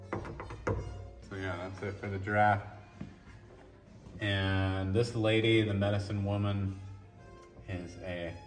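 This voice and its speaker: Deep-voiced man touring his art show. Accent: mixed Australian and New Zealand. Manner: relaxed, musing, with fillers and restarts. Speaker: artist giving a gallery tour. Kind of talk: casual walk-and-talk. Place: historic house gallery, indoors. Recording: roomy and distant, faint music behind.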